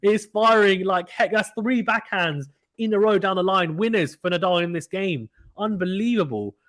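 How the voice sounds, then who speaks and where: A man hosting a live tennis watchalong stream, calling play-by-play with animated reactions and reading chat messages. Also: high-pitched. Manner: fast, animated play-by-play, reads chat aloud. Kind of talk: excited casual live commentary.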